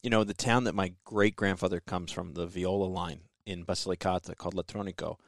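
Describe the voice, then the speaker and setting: A man's voice: low voice, fairly even intonation, a little fast, gravelly, no room sound, clean studio sound. A man hosting a podcast, talking in an easygoing, chatty way. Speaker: podcast host. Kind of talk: casual podcast chat.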